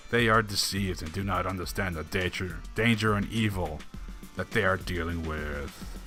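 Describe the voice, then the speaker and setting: Sarcastic low-voiced man reading forum posts. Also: moderate pace, sharp tone, faint music behind. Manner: dry and sarcastic, chuckles between lines. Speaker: online commentator.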